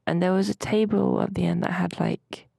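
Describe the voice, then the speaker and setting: A young woman rambles through a story in casual podcast chat. Her voice is heavily gravelly and husky. The sound is close and dry. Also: lowish voice, steady tone, moderate pace, mellow, no echo. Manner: rambling, chatty storytelling with mild swearing. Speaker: podcast co-host. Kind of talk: casual chat, recounting a dream.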